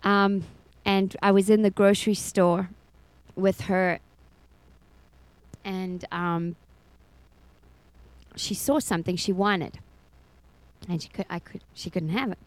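A woman's voice: medium pitch, fairly even intonation, slow, pauses often, no room sound, low-quality recording. A middle-aged woman giving a personal faith testimony as a foster mother, telling her story expressively and laughing often.

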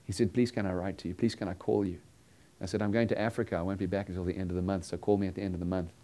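A man preaching a sermon, earnestly telling a story and acting out the dialogue, sometimes dropping to a hushed tone. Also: low voice, level tone, rapid-fire.

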